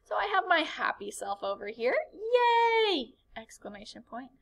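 Bright, lively woman teaching young kids. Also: on the high side, brisk, creaky. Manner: animated and expressive, acting out exclamations. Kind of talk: elementary classroom lesson.

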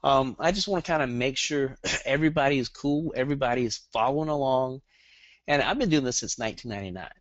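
Middle-aged Southern US man, fast, joking webinar trainer; plain dry, muffled call audio. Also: mid-range voice, no room sound. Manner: rambling, joking, fast-talking. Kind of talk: online marketing webinar.

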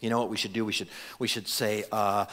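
A man voicing a scheming male religious elder who plots in a low, conspiratorial mutter. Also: flat delivery, fast, a bit bright, big-room sound, natural voice.

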